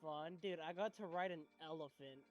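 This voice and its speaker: A young man chatting as a podcast co-host, drunk, excitable, swearing and laughing a lot. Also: on the high side, normal speed. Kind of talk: casual chat.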